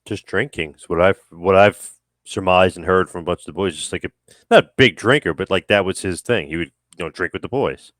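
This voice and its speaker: Very low-voiced man chatting. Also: fairly quick, a bit bright, dry recording, studio quality. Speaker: podcast co-host. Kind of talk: casual chat.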